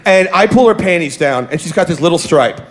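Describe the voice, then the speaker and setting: A man with a notably high speaking voice spins a raunchy anecdote for a crowd. He is brash and profane, and he keeps mocking himself as he goes. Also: lively intonation, fairly quick. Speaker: guest comedian. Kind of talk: crude storytelling for a live audience.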